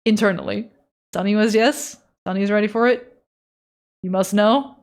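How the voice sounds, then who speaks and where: A woman's voice: medium pitch, fairly even intonation, normal speed. A woman from the Netherlands chatting casually with her live-stream audience while she draws, playful and joking, swearing freely.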